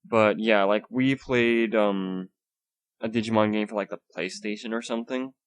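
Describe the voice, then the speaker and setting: Young guy ranting solo on his home podcast, rambly, swears a ton, kinda low voice, keeps it quiet. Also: fairly even intonation, moderate pace, clear, resonant tone. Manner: rambling, swears a lot, many fillers and restarts; holds back his volume. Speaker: podcast host. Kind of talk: solo casual podcast rant. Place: home room.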